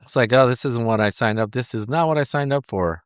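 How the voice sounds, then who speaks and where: A man's voice: medium pitch, a little fast, no echo, studio quality. A man hosting a podcast, chatting in a reflective, laid-back way. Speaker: podcast host. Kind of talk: casual chat.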